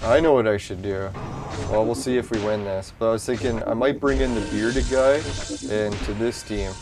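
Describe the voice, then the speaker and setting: A man's voice: fairly low pitch, fairly even intonation, moderate pace. A man giving casual gameplay commentary as a channel host, talking to himself, cursing and getting frustrated as his team loses. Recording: game music playing clearly underneath.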